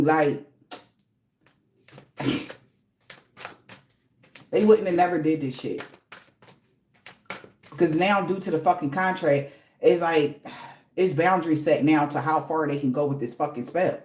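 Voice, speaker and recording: A woman's voice: low-pitched, measured pace, long pauses, dark tone, echoey room. A woman giving a casual spiritual reading, blunt and slangy, swearing freely for emphasis. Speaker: tarot reader.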